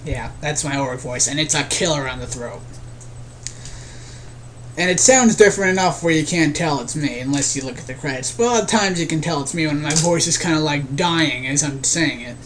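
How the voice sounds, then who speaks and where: A man's voice: a little high, moderate pace, a bit bright, a little hiss or hum. A young man giving a casual, rambling vlog update to his viewers, earnest and often restarting his sentences. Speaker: video creator.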